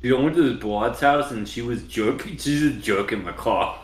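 A man's voice: mid-range voice, normal speed, echoey room. A man co-hosting a podcast, riffing with crude jokes and wordplay. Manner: loud jokey wordplay. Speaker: podcast co-host. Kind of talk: crude casual banter.

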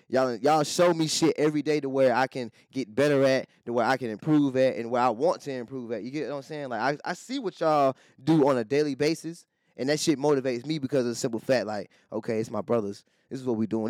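Hyped, emotional young podcast co-host. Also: male voice, medium pitch, brisk, a little mellow, no echo, studio quality. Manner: emotional, hyped, swears freely. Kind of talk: casual chat.

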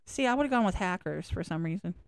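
A woman's voice: fairly low pitch, animated, fast talker, gravelly, no room sound. Chatty woman hosting a podcast. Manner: chatty, with fillers like "like". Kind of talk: casual chat.

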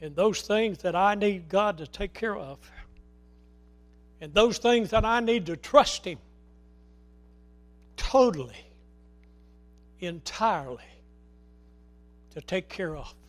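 A middle-aged man preaching a sermon with passion, swinging from loud cries to hushed pleas. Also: sits high, expressive, takes it slowly, long pauses. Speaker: pastor.

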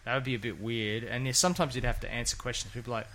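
A man co-hosts a relaxed chat, talking in a jokey, rambling way. His voice is gravelly with a bright, forward edge. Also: medium pitch, racing. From Australia. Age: 50s. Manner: jokey, rambling, laughs often. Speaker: podcast co-host. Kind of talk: casual chat.

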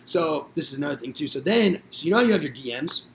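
A man's voice: fairly high pitch, lively intonation, fast talker, a bit bright, slight background noise. A young man telling rowdy, profane stories in a casual podcast chat, acting out what others said. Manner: rowdy, profane storytelling with acted-out quotes. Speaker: podcast guest storyteller.

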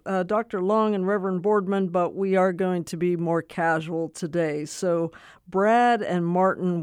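A man's voice: high voice, darkish tone, smooth, no room sound, clean studio sound. A man hosting a radio interview show, introducing guests in a friendly, playful manner.

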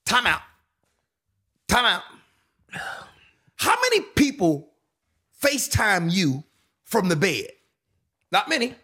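Animated storytelling man, husky voice. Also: slow, long pauses. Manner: lively, acts out quotes with big pitch swings. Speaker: podcast co-host.

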